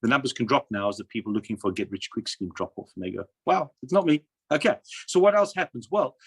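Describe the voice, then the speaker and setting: A man's voice: on the low side, sing-song, fast talker, slightly rough. A man with a South African accent giving a persuasive slide presentation, asking and answering his own questions. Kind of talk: sales presentation over slides.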